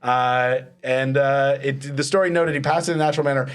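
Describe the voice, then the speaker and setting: A man's voice: mid-range voice, flat delivery, brisk, clear, resonant tone. A man hosting a comedy panel quiz, chatty and rambling, laughing through his lines. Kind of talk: casual comedic panel chat.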